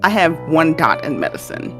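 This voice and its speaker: A woman playing a tabletop game, speaking in a lively, expressive way. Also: low voice, moderate pace, faint music behind. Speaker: player. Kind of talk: casual tabletop play.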